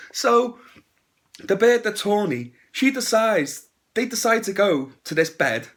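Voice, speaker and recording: Man, casual horror movie review, blunt and crude, sarcastic, lively up-and-down pitch. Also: slow.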